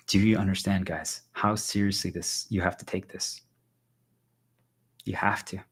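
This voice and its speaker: A man's voice: low-pitched, little pitch movement, unhurried, fairly bright tone, slightly rough. A male livestreamer giving an urgent, insistent motivational monologue to his viewers, hammering points home with repeated phrases.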